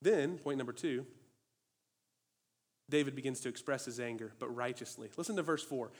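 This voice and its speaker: A man preaching a sermon in an animated, emphatic way, asking many rhetorical questions. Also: mid-range voice, normal speed, slightly rough.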